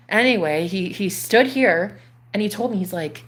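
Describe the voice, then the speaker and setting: A woman in her thirties, a spiritual coach, telling a personal story to her viewers in an animated, casual way, swearing freely. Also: medium pitch, brisk. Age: 30s.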